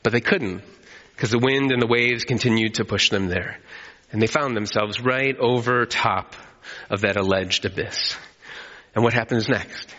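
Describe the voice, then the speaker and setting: A man preaching a sermon as pastor, telling the story with animated energy and calling on the congregation to respond. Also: fairly low pitch, moderate pace. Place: church hall. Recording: echoey hall, slightly dull.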